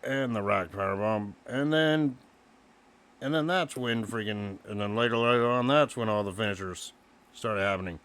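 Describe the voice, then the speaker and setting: A man co-hosting a casual wrestling review, excitedly recapping the match move by move. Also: fairly low pitch, normal speed. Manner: excited, recaps moves play by play. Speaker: podcast co-host.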